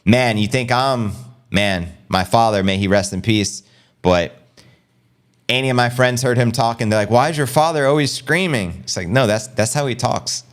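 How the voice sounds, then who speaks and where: A middle-aged American man hosting a casual crypto livestream, energetic and slangy, reading and answering viewer comments. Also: fairly low pitch, smooth. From United States. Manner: energetic, fast-paced, slangy.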